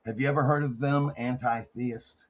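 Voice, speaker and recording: A man rambling and effusive in a casual live-stream chat, halting with fillers. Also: mid-range voice, steady tone, dull audio, over a noisy crowd. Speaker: panel guest.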